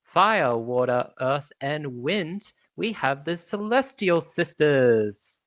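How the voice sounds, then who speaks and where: A woman voicing a pompous male tournament announcer who tries to calm a rowdy crowd. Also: sits low, slow, no echo, full character voice. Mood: grandiose. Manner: fussy, placating, announcer's flourish.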